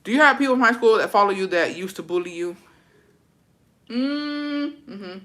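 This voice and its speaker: A woman talks straight to her viewers in a loose storytime chat. Her delivery is gossipy and animated, and she swears constantly. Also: medium pitch, moderate pace. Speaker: vlogger.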